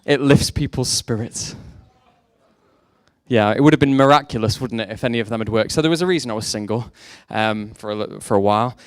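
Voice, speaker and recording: A man's voice: lowish voice, fast talker, few pauses, smooth, no echo. A young man preaching a sermon, mixing faith talk with self-deprecating jokes about his past. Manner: jokey, self-deprecating storytelling. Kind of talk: sermon with personal stories.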